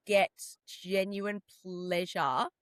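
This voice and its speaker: A woman's voice: on the low side, drawn-out words, no echo. A woman co-hosting a podcast, playful and upbeat, laughing often. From Australia. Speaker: podcast co-host. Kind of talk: casual chat.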